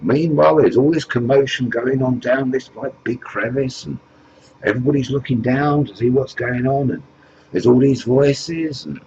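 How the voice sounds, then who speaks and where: A man's voice: medium pitch, moderate pace, a little mellow, lo-fi sound, a little hiss or hum. A man telling a satirical comic story in a rambling, chatty way. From England. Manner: rambling, full of "you know" and "like".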